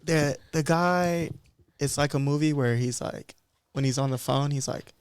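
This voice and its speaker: A man's voice: fairly high pitch, unhurried, a little hiss or hum. A man in his thirties, a barber guest on a podcast, talking in a candid, loose and reflective way. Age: 30s. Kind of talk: casual podcast conversation.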